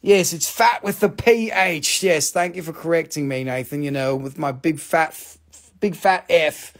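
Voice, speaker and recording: A man's voice: fairly high pitch, a little slow. A man hosting a live stream that sells rocks, joking, swearing and talking to himself. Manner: joking, profane, talks to himself. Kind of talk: live-stream sales chat.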